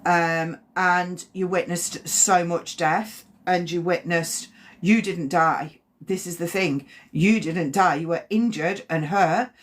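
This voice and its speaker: Soft-spoken woman medium, lowish voice. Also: steady tone. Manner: halting, repeats herself, gentle and reassuring. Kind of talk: live-stream spirit reading.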